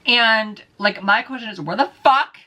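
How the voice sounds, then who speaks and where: A man's voice: sits high, moderate pace, bright, forceful tone. A man vlogging alone, ranting heatedly with heavy profanity and repeating his points. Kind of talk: casual solo vlog rant.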